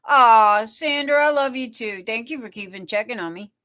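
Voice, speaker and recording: A woman's voice: on the high side, moderate pace, sharp tone. A middle-aged woman hosting a livestream, chatting casually with viewers in a rambling way, reading their comments aloud and saying "you know" over and over. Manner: repeats "you know" a lot. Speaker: livestream host. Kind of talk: casual chat with live viewers.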